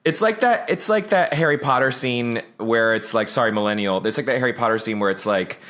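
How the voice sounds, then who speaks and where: A man chatting as a podcast guest, telling stories in an animated, self-deprecating way. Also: mid-range voice, fairly quick. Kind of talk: casual chat.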